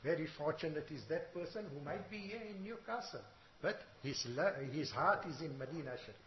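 Brief: male teacher-preacher, sermon to students, Arabic terms sprinkled in, lo-fi recording. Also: a little high. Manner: mixes Arabic terms into English, recites verses quickly. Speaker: Islamic teacher. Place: madrasa. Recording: dull lo-fi recording with faint hiss.

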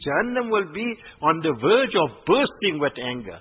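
Man preacher, fairly high husky voice, exhorting sermon, tinny phone-like sound with long hall echo. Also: big pitch swings. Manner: exhorting, rhetorical questions, recites Arabic verses quickly.

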